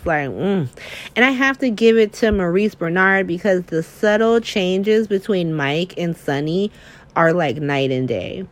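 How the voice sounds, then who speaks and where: A young woman in casual chat, recapping soap opera episodes in a chatty, animated way, full of fillers and swearing. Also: on the low side, measured pace. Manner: chatty, filler-heavy, profane, animated retelling.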